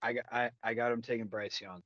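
A man's voice: medium pitch, steady tone, quick pace, fairly bright tone, dry recording, lo-fi sound. A man co-hosting a casual sports podcast, cursing freely and repeating words as he talks. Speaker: podcast co-host.

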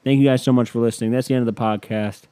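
A man's voice: mid-range voice, fairly even intonation, racing, mellow, clear, resonant tone. A man hosting a casual solo podcast, offhand and profane as he reads betting odds aloud. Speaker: podcast host.

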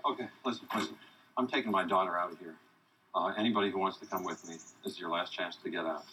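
A man's voice: sits low, fast talker, bright, forceful tone. An actor playing an anxious, sarcastic middle-aged father who stammers under pressure, heard as film audio from a distance. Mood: urgent.

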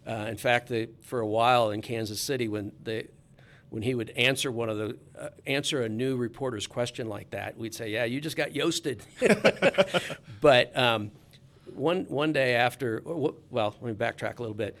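A man's voice: medium pitch, fairly even intonation, a little fast, fairly bright tone. A man, a sports reporter, telling a casual anecdote in a chatty, easygoing way with frequent restarts.

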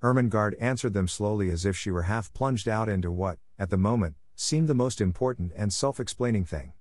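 A man narrating a classic story aloud in a steady, measured reading voice, recorded close. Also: lowish voice, dry recording. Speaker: audiobook reader.

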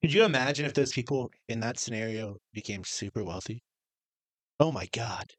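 Male co-host, animated and bouncy in pitch, laughs through crude banter. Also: moderate pace. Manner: animated, laughing asides, swings loud and quiet. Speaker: podcast co-host. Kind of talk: casual crude chat.

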